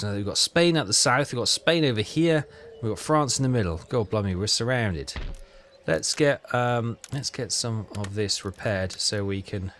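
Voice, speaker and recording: A man giving casual commentary on a strategy game, thinking aloud with halting, self-correcting phrases. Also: on the low side, a bit bright, a little hiss or hum. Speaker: gaming channel host.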